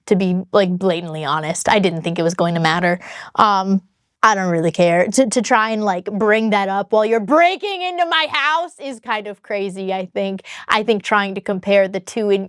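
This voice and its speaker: A woman's voice: mid-range voice, smooth, no room sound, clean studio sound. A woman telling her own story on a vlog in a frank, exasperated way, talking straight to the viewer.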